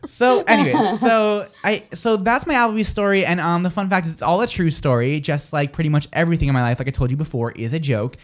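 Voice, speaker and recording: A man hosts a radio segment, timing turns and keeping the score. He teases his co-hosts bluntly and stays businesslike between the laughs. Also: on the high side. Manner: brisk, teasing, keeps score. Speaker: radio host running the game. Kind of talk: casual banter on a radio show.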